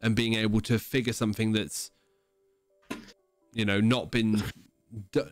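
Low-voiced man, blunt and teasing. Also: flat delivery, a little slow, faint music behind. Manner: blunt, teasing, rambling explanations. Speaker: podcast co-host. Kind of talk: casual chat.

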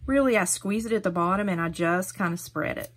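A woman's voice: fairly low pitch, a little fast, slightly rough. A middle-aged woman hosting a hands-on craft tutorial, talking viewers through each step in a chatty, encouraging way.

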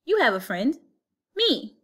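A woman's voice: on the high side, big pitch swings, a little slow, a bit bright, slightly rough, pitched above the performer's own voice, exaggerated voice. A woman reading aloud and voicing a boastful, clever talking male cat in a storybook. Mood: sly. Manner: bold, scheming, showy.

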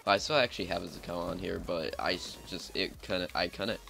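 Gravelly low-voiced man rambling over gameplay. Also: steady tone, brisk, sharp tone, faint music behind. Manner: rambling, chatty, heavy use of filler "like". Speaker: gaming channel host. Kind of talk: casual gameplay commentary.

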